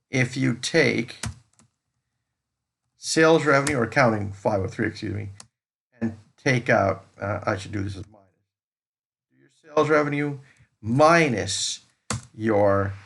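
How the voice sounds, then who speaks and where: A man's voice: medium pitch, measured pace, creaky, long pauses, fairly bright tone. A man lecturing on accounting over a screen recording, explaining step by step and restating each point. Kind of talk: recorded lecture walking through a spreadsheet.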